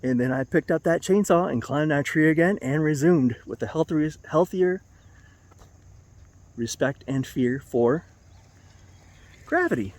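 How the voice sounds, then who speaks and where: A man's voice: fairly high pitch, normal speed, hardly any pauses, a little mellow, no room sound. A middle-aged man vlogging, telling a casual, rambling story to the camera. He corrects himself as he goes and chuckles at his own mishaps.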